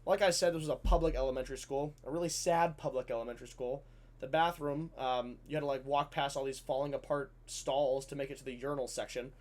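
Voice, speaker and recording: Animated man telling a funny story. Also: medium pitch, fast. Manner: animated, swears freely, lots of fillers. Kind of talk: casual comedic storytelling.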